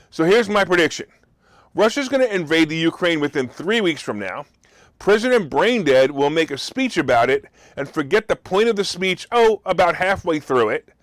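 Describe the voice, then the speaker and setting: Guy hosting a money show, fairly high voice, snarky and incredulous, dry close mic. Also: dry recording. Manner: sarcastic, mocking, incredulous. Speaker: host. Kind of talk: opinionated market commentary monologue.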